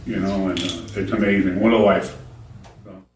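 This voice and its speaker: Man, 60s, church member testimony; plainspoken, halting, off-mic in an echoey room. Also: sits low, steady tone, recorded from a distance, background noise. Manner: halting, plainspoken, many fillers. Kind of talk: personal testimony.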